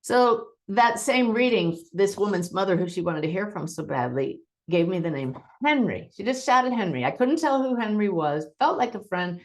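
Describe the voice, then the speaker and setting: A woman's voice: mid-range voice, moderate pace, few pauses. A woman medium giving a webinar talk, recounting a reading expressively and teaching in an earnest tone. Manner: expressive, re-enacts dialogue while recounting.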